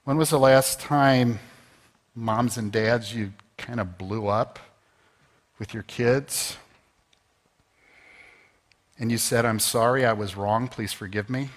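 A pastor delivers a sermon in a large hall with long reverb, speaking slowly in a mid-range voice and pausing often. His preaching is conversational but builds to emphatic peaks.

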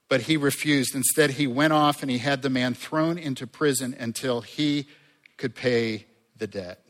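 A male pastor delivers a sermon at an unhurried pace, at a middle pitch. He talks to the congregation in a friendly, conversational way and swings into louder, livelier passages. His voice carries a long echo from a large hall. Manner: conversational, with lively rises in loudness and asides to the congregation.

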